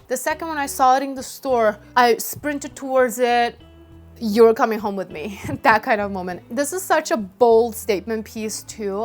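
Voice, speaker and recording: A bubbly woman chats away on a closet tour, talking right to her viewers from home. Her voice sits a bit high, with soft music playing faintly underneath. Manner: chatty, bubbly, talks straight to viewers. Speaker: fashion vlogger. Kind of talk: casual chat on a closet tour.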